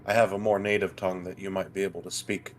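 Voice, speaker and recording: A man's voice: low voice, level tone, fast. A man playing a tabletop game, speaking hesitantly with fillers. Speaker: player. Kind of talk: casual tabletop game play.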